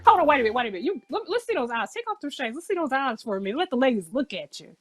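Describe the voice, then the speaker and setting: Playful, teasing woman host, casual chat, pitched a bit high. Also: big pitch swings, rapid-fire, soft background music. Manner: playful, teasing, laughs often. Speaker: show host.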